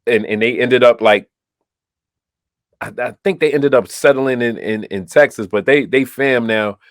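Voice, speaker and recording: Here a man from Brooklyn, New York, co-hosting a laid-back podcast, spins anecdotes and voices the quoted lines himself with lively flair. His pitch is medium and his delivery a little slow, recorded at studio quality with no echo.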